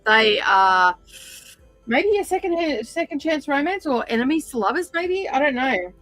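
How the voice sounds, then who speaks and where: A woman's voice: high voice, very animated, a little slow, fairly bright tone, faint music behind, rough recording. A woman hosting a stitch-along livestream, chatting casually with many fillers and drifting from the mic while she sorts threads.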